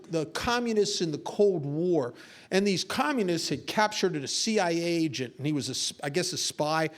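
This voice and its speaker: At a recovery meeting, a man tells his own story in an earnest, confessional way, drifting into self-mocking humor as he goes. His voice sits a touch higher than most, and the delivery is heartfelt and unpolished.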